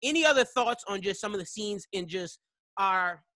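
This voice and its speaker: A male podcast host in casual chat, retelling scenes in an animated way that swings between loud and soft. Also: high-pitched, normal speed, dry recording.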